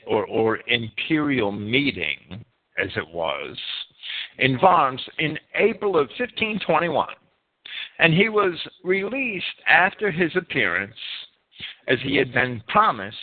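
A man reads a history lesson with a lively voice that swoops high and low on words he stresses. He trips over a word now and then and corrects himself. The sound is thin and tinny, like a phone line. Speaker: history series presenter. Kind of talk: read narration of a history lesson.

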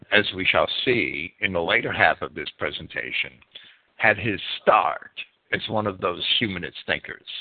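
A man reading a church-history presentation like a sermon, stumbling and repeating words as he reads a script. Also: fairly low pitch. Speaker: preacher. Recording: tinny phone-like sound.

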